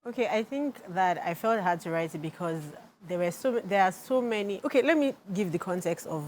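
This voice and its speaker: A woman's voice: fairly low pitch, animated, brisk, darkish tone, a little hiss or hum. A Nigerian woman, an author and lawyer, answering interview questions earnestly and reflectively.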